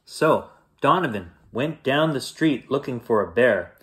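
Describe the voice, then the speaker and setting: A man reading a children's bedtime story aloud, playful and animated, acting out sound effects. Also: mid-range voice, measured pace.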